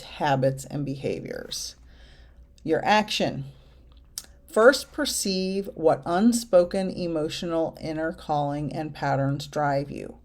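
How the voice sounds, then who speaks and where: A woman with a lowish voice reads oracle card texts aloud at an unhurried, slow pace. Between the readings she chats in an effusive way to viewers by name. She sounds like a medium hosting her own card-pulling video. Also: a little mellow.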